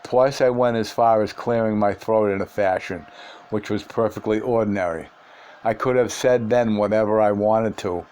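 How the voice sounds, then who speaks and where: A man reading a first-person book aloud in a measured, earnest way. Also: lowish voice, a little mellow. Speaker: audiobook reader.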